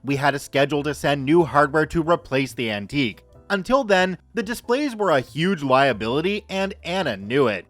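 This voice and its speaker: A man's voice: a little high, very animated, moderate pace, hardly any pauses, a bit bright, no echo, faint music behind. A man reading a scripted story aloud with a dry, wry storytelling manner, close to the mic. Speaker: story narrator.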